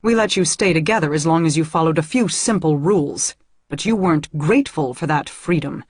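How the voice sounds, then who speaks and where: A cruel female commander barks her orders slowly and harshly, as a woman reads her part. The voice is a little husky and sits dry and close. She sounds cold and in total control. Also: low-pitched, dry recording. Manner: harsh, slow, shouting orders.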